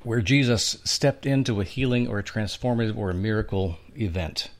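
A man hosting a conversation about faith, reflective and thinking aloud. His voice sits fairly low. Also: moderate pace. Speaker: host. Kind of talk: faith podcast interview.

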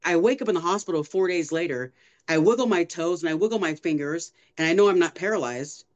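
A woman guest telling her own story of survival and faith on a podcast, earnestly and with animated retelling. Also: lowish voice, fast talker, lo-fi sound. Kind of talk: emotional personal testimony.

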